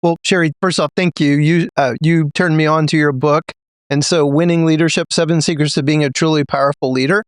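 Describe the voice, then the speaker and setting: A man's voice: a little high, steady tone, fairly quick, no room sound. A man hosting a podcast interview, earnest and appreciative as he sets up his questions. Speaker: podcast host.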